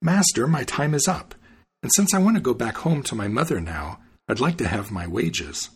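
A man's voice: mid-range voice, big pitch swings, moderate pace, slightly rough. A man reading the part of a naive, cheerful young traveler in a storybook tale, speaking eagerly.

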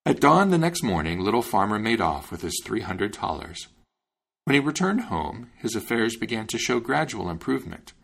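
A man reading a fairy tale aloud, lively and expressive, acting out the voices. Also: fairly low pitch, normal speed, gravelly, husky. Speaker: storyteller.

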